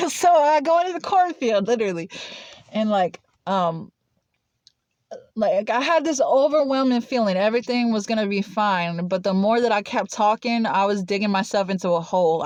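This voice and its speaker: A woman's voice: medium pitch, dry recording. A young woman telling a personal story in casual chat, blunt and swearing freely, with lots of "like" fillers.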